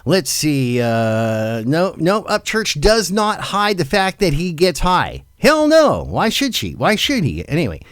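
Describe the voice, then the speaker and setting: A man's voice: on the high side, sing-song, a little slow, few pauses, fairly bright tone, no echo, studio quality. Middle-aged man, loose swearing talk show host. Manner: loose, swearing, laughs a lot. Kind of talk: casual live commentary.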